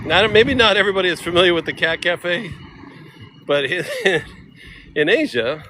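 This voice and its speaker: A man's voice: high-pitched, animated, moderate pace, bright, forceful tone, slight background noise, low-quality recording. A man chatting casually on a travel live stream, giggly and self-mocking, often meowing playfully. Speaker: travel vlogger.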